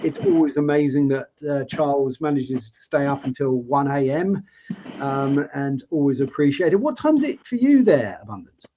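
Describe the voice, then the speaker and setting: A man's voice: mid-range voice, lively intonation, normal speed, mellow, slight background noise. A man hosting a live interview show, asking long, rambling questions in a chatty way over a video call. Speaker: host. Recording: dull lo-fi sound.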